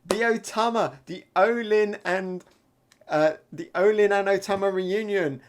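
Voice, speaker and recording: An excitable man reviewing a comic chapter live, reading panels aloud as he goes. He laughs often and speeds up at the big hits. His talk is casual and full of fillers. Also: high-pitched, unhurried. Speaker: manga reaction reviewer. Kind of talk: live reaction and commentary.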